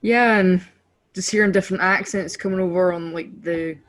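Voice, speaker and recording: A woman's voice: fairly low pitch, steady tone, normal speed. A woman with a Scottish accent co-hosting a podcast, chatting casually with lots of fillers and self-deprecating laughs. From Scotland. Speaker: podcast co-host. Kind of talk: casual chat.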